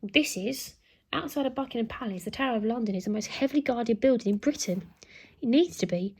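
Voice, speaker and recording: A woman reading aloud, voicing a no-nonsense elderly nanny in a children's storybook, brisk and scolding. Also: a little high, husky. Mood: firm.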